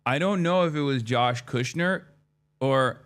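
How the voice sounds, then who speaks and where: With a clean, mid-range voice and a measured pace, a man in his thirties streams while telling a relaxed story. He swears often, stays animated, and dramatizes his own dialogue.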